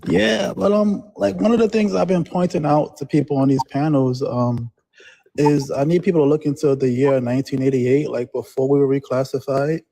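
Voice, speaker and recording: A man's voice: fairly high pitch, steady tone, moderate pace, creaky, mellow. Rambling man calling in to a show. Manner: rambling, many fillers like 'like' and 'um'. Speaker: caller. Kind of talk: casual phone-in chat.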